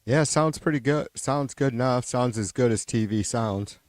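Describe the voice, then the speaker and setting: A man's voice: medium pitch, moderate pace, darkish tone, no echo, clean studio sound. A man hosting a livestream, chatting casually and rambling, swearing often and restarting his sentences. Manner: rambling and profane, with many restarts and trailing-off sentences. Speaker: livestream host. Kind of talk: casual unscripted stream chat.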